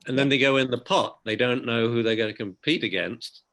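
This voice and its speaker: A man's voice: medium pitch, a little fast, fairly bright tone. A man, a dog trainer guest on a video call, telling anecdotes casually and often adding "you know".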